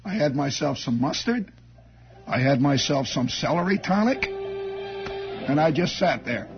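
A man's voice: on the high side, sing-song, unhurried, music in the background. A man telling a rambling comic story on the radio, wry and meandering, with chuckling asides. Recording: dull lo-fi radio broadcast.

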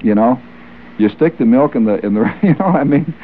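A man's voice: mid-range voice, expressive, moderate pace. Male radio host with a wisecracking manner, faint hiss on a lo-fi old radio recording. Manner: wry, joking, chuckling asides. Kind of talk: ad-libbed radio patter. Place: radio studio.

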